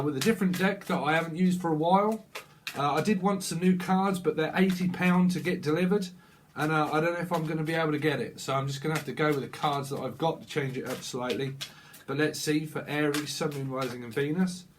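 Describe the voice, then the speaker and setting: Rambling British man, higher-pitched voice. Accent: British English. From Britain. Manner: rambling, jokey, self-interrupting. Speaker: tarot reader. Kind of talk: solo tarot reading with channeled messages.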